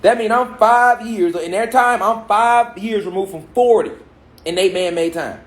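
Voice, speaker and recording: A man's voice: high voice, a little slow. Emphatic man lecturing in an echoey room. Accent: African American Vernacular English. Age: 30s. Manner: preachy, rhetorical questions, emphatic repetition. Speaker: speaker addressing a gathered audience. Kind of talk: spiritual lecture. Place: large room with an audience.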